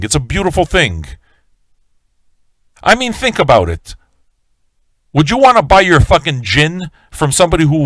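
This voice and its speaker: A man's voice: a little high, big pitch swings, moderate pace, long pauses, fairly bright tone, no echo. A man hosting a live-stream radio show, ranting in a swaggering, profane way and talking straight to his viewers. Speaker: livestream radio host.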